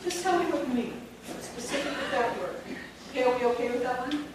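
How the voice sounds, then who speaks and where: A woman's voice: high voice, steady tone, brisk. A woman leading a spelling lesson for teachers, firm and directive, repeating and drilling each word. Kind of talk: classroom teaching demonstration. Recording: echoey room from far off, background noise.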